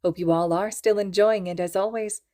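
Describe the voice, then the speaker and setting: A woman reading a fan fiction audiobook aloud in a calm, even storytelling manner. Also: mid-range voice, normal speed. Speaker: podfic reader.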